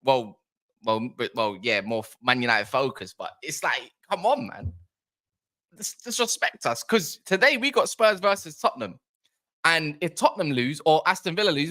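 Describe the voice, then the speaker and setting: A man hosting a casual football fan live chat, excitable and rambling, bantering with viewers' comments. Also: on the high side, normal speed. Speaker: football fan livestream host.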